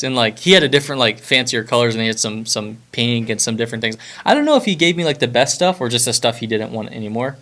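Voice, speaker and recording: A young man from Florida hosting a podcast, talking in a relaxed, rambling way with lots of fillers and restarts. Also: medium pitch, quick pace, hardly any pauses. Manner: rambling, laid-back, many fillers and restarts. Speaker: podcast host. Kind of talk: casual podcast chat.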